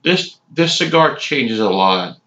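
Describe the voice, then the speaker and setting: A man in his late forties giving a casual, rambling cigar review, halting often with ums. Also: medium pitch, expressive, sharp tone. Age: 40s. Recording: echoey room, dull lo-fi sound.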